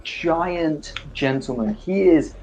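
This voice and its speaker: A man's voice: on the high side, expressive, slow pace, crowd noise. A man running a tabletop game as game master, describing scenes with many fillers. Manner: rambling, filler-heavy description.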